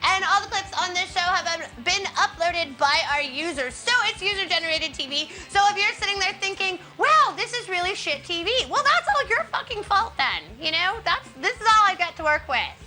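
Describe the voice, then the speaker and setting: Young US woman hosting; lively, bouncy voice, rambling and crude, with faint music behind. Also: extremely high pitch, brisk, hardly any pauses. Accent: American. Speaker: host. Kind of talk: casual presenting.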